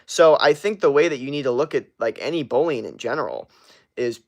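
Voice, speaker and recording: A man's voice: medium pitch, lively intonation, fairly quick, gravelly, darkish tone. A man hosting a casual livestream, answering chat with blunt, motivational advice and plenty of swearing.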